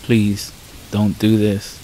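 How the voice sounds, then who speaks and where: A man's voice: on the low side, monotone, slow pace, dark tone, a little hiss or hum, rough recording. A man voicing a frightened young man who pleads desperately in a horror story. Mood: pleading. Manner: pleading, fearful. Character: frightened adult man, desperate and guilt-ridden.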